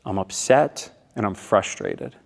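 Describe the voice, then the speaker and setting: An irritated young woman, as a man acts her out, draws out every complaint slowly and with weight. The voice echoes with the long reverb of a large hall. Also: lowish voice, big pitch swings, gravelly, darkish tone, exaggerated voice. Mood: frustrated. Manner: slow, emphatic, complaining.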